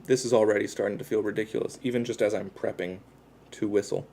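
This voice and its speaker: A man's voice: on the low side, steady tone, fast, mellow, slight background noise. A man chatting casually with his viewers on a livestream, rambling and self-deprecating as he talks while tattooing himself.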